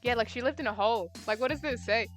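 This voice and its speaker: A woman's voice: on the high side, fast, faint music behind. A woman streamer reading a visual novel aloud, making giggly, chatty asides between lines.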